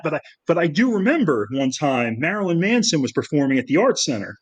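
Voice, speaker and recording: Chatty middle-aged man with a higher voice. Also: fast, hardly any pauses, low-quality recording. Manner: rambling, animated anecdotes with many fillers and restarts. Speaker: guest filmmaker. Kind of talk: casual storytelling interview.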